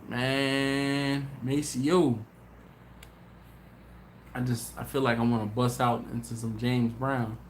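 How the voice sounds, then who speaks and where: A tired man hosting a casual livestream, telling stories in a lively way and doing voices for his friends. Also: mid-range voice, slow, long pauses. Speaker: BBQ channel host. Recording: echoey room with faint noise.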